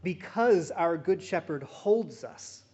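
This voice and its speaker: A man with a high voice delivers a sermon, slow and measured, leaning on pauses for emphasis. The recording is dull and muffled. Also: lively intonation, mellow. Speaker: pastor.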